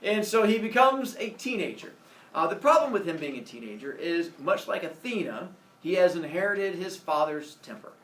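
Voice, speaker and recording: A teacher telling a myth to his class in an animated, playful way with sound effects. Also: sits high, moderate pace. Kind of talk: storytelling to a class. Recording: echoey classroom, from a distance.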